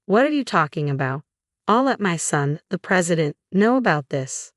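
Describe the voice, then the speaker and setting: A woman's voice: lowish voice, sing-song, normal speed, no echo, clean studio sound. A woman voicing a smug, condescending husband. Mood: flustered. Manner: dismissive, condescending. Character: arrogant sexist middle-aged office husband.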